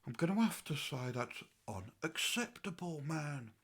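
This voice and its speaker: A man's voice: a little high, big pitch swings, unhurried, fairly bright tone, breathy edge, heavily acted. A man playing a rambling, easily riled old English grandfather in a comic monologue, in an English accent. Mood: aggrieved. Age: older. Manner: rambling and aggrieved, swinging between mutters and outbursts.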